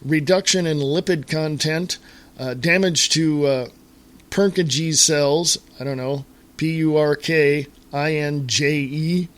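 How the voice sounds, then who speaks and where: A man's voice: fairly high pitch, steady tone, a bit bright. A man hosting a solo talk radio show, ranting in an exasperated way to his listeners with lots of fillers and restarts. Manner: halting with fillers and repeated starts.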